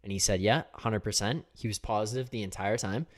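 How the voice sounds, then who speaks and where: A man's voice: fairly low pitch, steady tone, a little fast, a little hiss or hum. A man hosting a casual post-game livestream, chatting loosely, reading viewer comments and laughing often. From Canada. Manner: laid-back, chatty, laughs often, reads chat comments aloud. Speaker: host.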